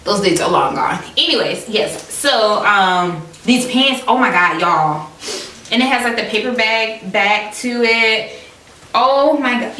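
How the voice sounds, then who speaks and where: A woman's voice: a little high, animated, takes it slowly, bright, forceful tone. A young woman unboxing clothes for her vlog, dramatic and gushing, calling her viewers y'all. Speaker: fashion vlogger. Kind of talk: excited unboxing chat. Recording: roomy echo, mic at a distance, faint noise.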